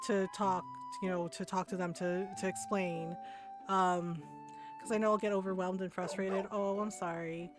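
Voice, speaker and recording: A woman's voice: on the low side, flat delivery, normal speed. A woman streamer telling personal stories in casual chat, often tagging her sentences with "right?". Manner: chatty, often adds "right?". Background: background music.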